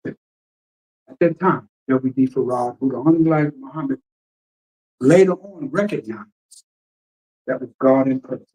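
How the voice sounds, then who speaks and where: A man's voice: mid-range voice, normal speed, pauses often, darkish tone, poor audio. A man minister preaching emphatically and firing rhetorical questions, reading passages aloud and explaining them. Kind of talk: radio teaching sermon.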